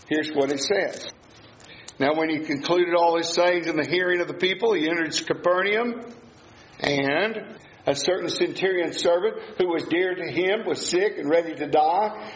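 A man's voice: a little high, a little hiss or hum. A man preaching a sermon at a Bible study, emphatic and given to repeating key phrases. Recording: echoey room, dull lo-fi sound.

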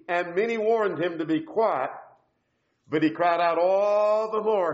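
A man's voice: high-pitched, moderate pace, a little mellow. Emphatic preacher man in an echoey hall. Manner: emphatic, repeats phrases, quotes scripture. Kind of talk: sermon. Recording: echoey, dull church recording.

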